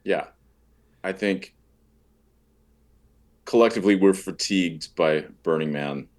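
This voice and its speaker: A man talking as a podcast guest in relaxed, offhand casual chat. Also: low-pitched, slow pace.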